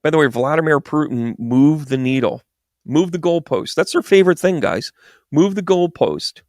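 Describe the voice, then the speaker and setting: A man's voice: fairly high pitch, expressive, normal speed, a little mellow, dry recording, studio quality. A man giving a rambling, exasperated political commentary monologue with sarcastic asides. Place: New York.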